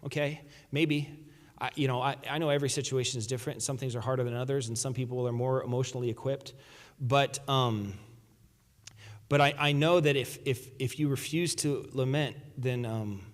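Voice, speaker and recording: A man's voice: mid-range voice, fairly even intonation, a little fast, big-room sound. A man preaching a sermon as a pastor, talking in a conversational way and often restarting his sentences. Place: church sanctuary.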